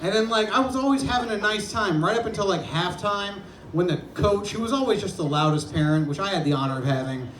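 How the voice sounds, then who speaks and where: A man in his twenties performing a self-deprecating stand-up comedy set on a club stage, telling stories and breaking into shouted impressions. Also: high voice, animated, fast talker, hardly any pauses, a crowd in the background. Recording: echoey club with audience laughter.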